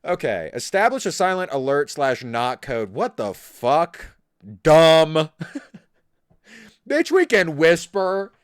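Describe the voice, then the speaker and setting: A male streamer rants at his screen, loud, profane and openly mocking what he hears. His pitch leaps all over the place, and his voice sits somewhat high for a man. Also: big pitch swings, slow pace, clean tone. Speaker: livestreamer. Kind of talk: casual live-stream reaction chat.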